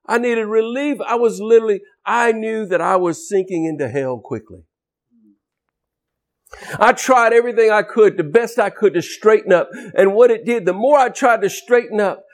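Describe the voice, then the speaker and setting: A male preacher gives a fiery, scolding sermon in a high voice that leaps all over the place. He hammers his points hard, swelling loud and then dropping low, with lively intonation at a moderate pace.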